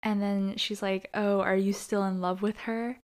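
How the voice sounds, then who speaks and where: A woman's voice: mid-range voice, little pitch movement, measured pace, darkish tone, smooth. A woman co-hosting a podcast, casually recapping a TV episode with lots of fillers and acted-out quotes. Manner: chatty, fillers, acts out characters' lines. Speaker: podcast co-host.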